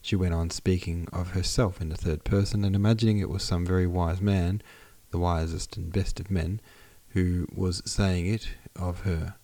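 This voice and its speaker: A man reads a classic novel aloud at a steady, measured pace. His voice is low and gravelly. The close mic leaves no room sound. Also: dry recording. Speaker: audiobook narrator, podcast host. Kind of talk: scripted narration of a classic novel.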